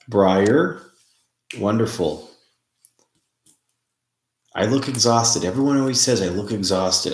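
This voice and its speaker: Relaxed low-voiced man in echoey room. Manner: relaxed, chatty, greets viewers by name. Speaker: livestream host. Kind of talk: casual live-stream chat with viewers. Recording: roomy, echoey room sound.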